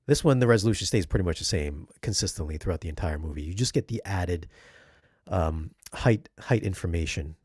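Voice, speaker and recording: A man's voice: low voice, lively intonation, fairly quick, a little mellow, slightly rough, dry recording, clean studio sound. A man talking casually as a video reviewer, chatty and rambling, correcting himself and asking viewers questions. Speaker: home theater video reviewer.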